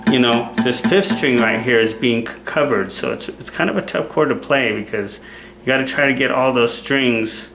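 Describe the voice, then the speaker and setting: A man's voice: mid-range voice, normal speed, creaky. A man giving a casual guitar lesson, who keeps checking in with the viewer by asking "okay?". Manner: relaxed, repeats "okay?" to check in. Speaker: guitar teacher. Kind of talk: casual instructional talk. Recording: roomy sound with loud guitar playing. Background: guitar playing.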